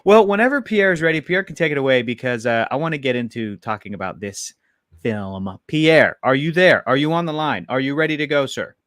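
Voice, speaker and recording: A man's voice: mid-range voice, lively intonation, brisk, a bit bright, no room sound, clean studio sound. A man hosting a podcast in casual comedic chat, playful, laughing often and rambling through restarts. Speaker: podcast co-host.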